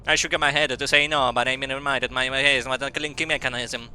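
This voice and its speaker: A man's voice: mid-range voice, level tone, brisk, bright, forceful tone. A young man streaming a game, reading its dialogue aloud with stumbles and silly asides.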